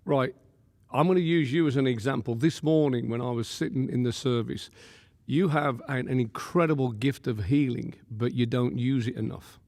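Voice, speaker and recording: A man, a pastor and podcast guest, telling stories in a lively way, laughing often and acting out the quotes. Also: mid-range voice, moderate pace. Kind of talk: animated storytelling. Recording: long room reverb.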